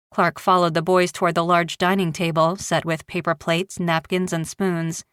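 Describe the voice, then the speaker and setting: A woman narrating a thriller audiobook in a steady, even manner. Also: lowish voice, moderate pace, hardly any pauses, clean tone, no echo, studio quality. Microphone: close studio mic.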